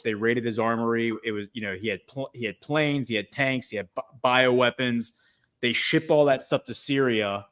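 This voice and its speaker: A man speaks as a guest on a political livestream. His talk rambles, full of restarts and fillers, in a medium-pitched voice. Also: a bit bright. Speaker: guest commentator.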